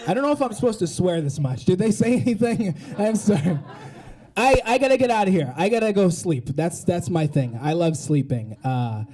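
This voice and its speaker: A young man doing a stand-up set on a club stage, telling animated stories and slipping into other people's voices. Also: high voice, normal speed. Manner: animated storytelling with put-on voices. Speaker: stand-up comedian.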